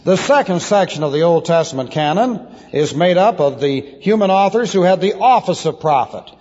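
A pastor's husky, fairly high voice carries through a big hall with a long echo. He teaches in a measured lecturing manner, spelling out Hebrew and Greek words letter by letter and tossing in dry asides. The old tape sounds dull and muffled. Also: animated, darkish tone. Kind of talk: expository Bible teaching.

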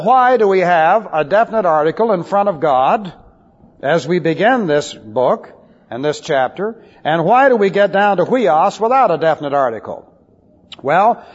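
A man pastor giving an expository Bible lesson to his congregation, emphatic and wry with scornful asides. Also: fairly high pitch. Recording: muffled old recording in a reverberant hall.

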